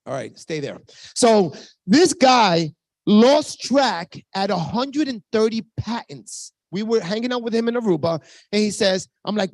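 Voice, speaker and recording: A man in his fifties with a Spanish-accented English, giving an energetic sales pitch to a team on a video call, hyped and full of asides to the audience. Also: unhurried, dry recording. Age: 50s. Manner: hyped, talks straight to the audience, many asides. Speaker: network marketing presenter.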